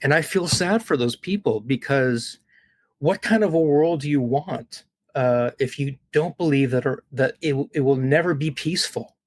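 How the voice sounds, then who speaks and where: A man with a voice of middling pitch speaks as an interview guest, earnest and heartfelt. He often repeats his words and checks in with the listener. The sound is dry and close, with no room echo. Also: moderate pace. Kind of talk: earnest conversational storytelling.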